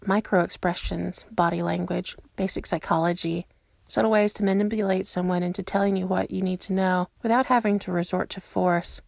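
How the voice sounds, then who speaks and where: Low gravelly woman reading a story. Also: fairly even intonation, fairly quick, a little mellow, no echo, clean studio sound. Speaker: narrator. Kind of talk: reading fan fiction aloud.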